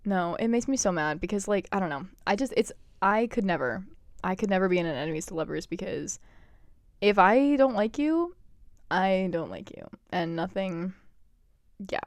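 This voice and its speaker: A woman's voice: medium pitch, lively intonation, moderate pace, dry recording, studio quality. A young woman hosting a podcast, chatting casually and gushing with lots of "like" and "oh my God". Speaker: podcast host. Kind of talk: casual chat.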